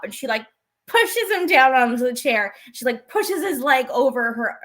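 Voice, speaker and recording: A woman's voice: a little high, expressive, unhurried, bright, forceful tone. A woman co-hosting a podcast, chattily recapping wrestling and acting out the lines she quotes. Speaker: podcast co-host. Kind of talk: casual wrestling recap chat.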